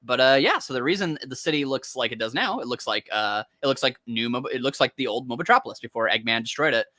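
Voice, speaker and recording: A man's voice: medium pitch, fast talker, dry recording, studio quality. A man co-hosting a podcast in casual chat. He tells stories with energy, acts out characters, and laughs often. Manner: animated storytelling, acts out characters. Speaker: podcast co-host.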